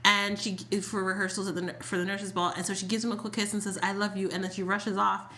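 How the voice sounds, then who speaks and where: Woman co-host, bright crisp voice, animated storyteller who acts out lines. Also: mid-range voice, quick pace. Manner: animated, acts out quotes, uses "like" a lot. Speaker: podcast co-host. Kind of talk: casual chat about a soap opera.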